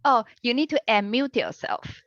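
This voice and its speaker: A woman teaching an online language class over a video call, with a patient, encouraging manner and unhurried explanations. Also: fairly high pitch, expressive, a bit bright, no echo. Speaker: online Chinese language instructor. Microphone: computer mic on a video call. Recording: lo-fi video-call audio, dry.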